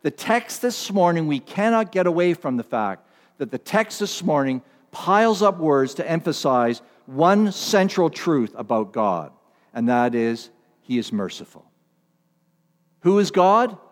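Lively preaching man in a reverberant hall. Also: a little high, a little slow. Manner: repeats and stresses key words, swings between loud and hushed. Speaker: pastor. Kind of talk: sermon.

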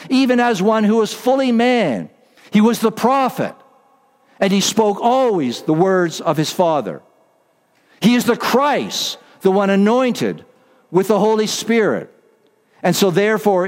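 A man preaching a sermon as pastor, emphatic, repeating key phrases for weight. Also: high voice.

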